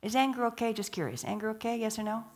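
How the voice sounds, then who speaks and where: A woman's voice: on the high side, quick pace, darkish tone. A woman giving a sermon at a church, telling stories, asking the audience questions and dropping to a whisper for emphasis. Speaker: guest speaker.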